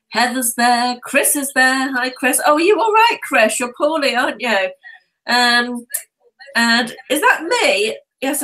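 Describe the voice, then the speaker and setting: A woman's voice: on the high side, pushed and bright, low-quality recording. A woman co-hosting a live stream from home, friendly, reading out viewers' names in casual chat.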